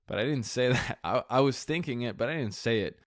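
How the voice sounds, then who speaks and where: A man's voice: mid-range voice, fairly quick, no room sound, studio quality. A man hosting a solo podcast, talking candidly and reflectively in a casual way that includes some swearing. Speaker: podcast host.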